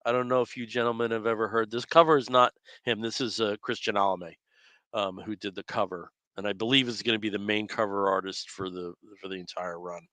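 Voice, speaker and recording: A man's voice: fairly low pitch, fairly even intonation, brisk, pushed and bright, no room sound. A man with a New Jersey accent, co-hosting a comic book podcast in easy casual chat and laughing often. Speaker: podcast co-host.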